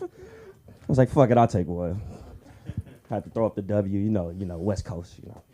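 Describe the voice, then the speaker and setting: A man doing a crude stand-up set at an open mic, acting out characters in shrill voices. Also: normal speed, long pauses, warm tone. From Southern California. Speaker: stand-up comedian. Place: comedy club stage.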